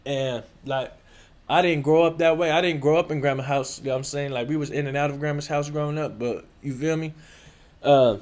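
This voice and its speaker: A man's voice: a little high, fairly even intonation, fast talker. A man with a Californian accent telling a casual personal story in slangy, profane speech full of filler tags. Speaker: show host telling a story.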